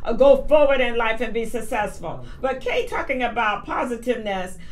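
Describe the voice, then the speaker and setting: A woman's voice: on the high side, animated, moderate pace. Earnest woman guest from the US South. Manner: earnest, thoughtful. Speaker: radio guest, mother mentor. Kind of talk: talk radio conversation.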